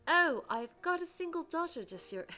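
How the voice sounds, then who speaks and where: A woman's voice: very high-pitched, very animated, normal speed, sharp tone, soft background music, pitched above the performer's own voice, exaggerated voice. A woman voicing a chatty old lady customer who tries to set up a young man. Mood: nosy.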